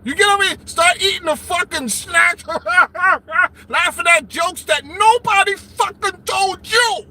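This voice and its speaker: A man hosting a live stream from his car, ranting loudly with constant swearing and jokes. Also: extremely high pitch, slow, slight background noise. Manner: loud, swearing, joking rants with bursts of laughter. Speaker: livestream host. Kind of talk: profane live-stream rant. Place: sitting alone in his car.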